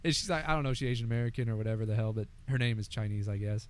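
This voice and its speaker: A young man co-hosting a podcast in casual chat, animated, swearing and laughing often. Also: medium pitch, very fast, no room sound. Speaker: podcast co-host.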